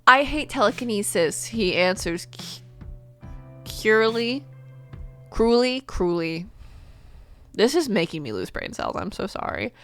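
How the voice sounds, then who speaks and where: A woman's voice: medium pitch, sing-song, slow, long pauses, faint music behind. A woman YouTuber reading a story aloud and breaking off for self-mocking asides.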